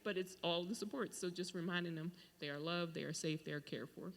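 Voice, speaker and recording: A man's voice: a little high, brisk, gravelly. A man who works as a school administrator, talking earnestly in a casual podcast discussion and acting out what he says to children. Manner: earnest, animated storytelling with acted-out quotes.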